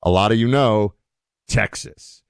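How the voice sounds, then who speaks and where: A man hosting a show and giving his opinions in animated, casual talk, full of fillers and restarts. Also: lowish voice, unhurried, smooth, no room sound, studio quality. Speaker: host. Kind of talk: opinionated commentary.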